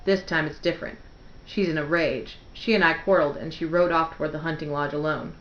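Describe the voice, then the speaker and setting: A worried sixteen-year-old boy pleads urgently and insists on being heard, as a woman reading aloud puts him on. The voice sits low and carries a roomy, slightly dull sound. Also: steady tone, fairly quick.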